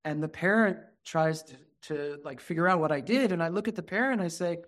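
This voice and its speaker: A man, a therapist speaking as a guest, explaining earnestly and acting out soft, soothing words to a child. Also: fairly high pitch, a little fast, few pauses. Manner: earnest, acts out soothing dialogue softly. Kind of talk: conversational interview.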